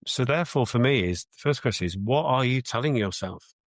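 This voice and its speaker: A man's voice: medium pitch, lively intonation, a little fast, no room sound. A man with a British accent, a mindset coach answering interview questions in an earnest, reflective way, often restarting his sentences.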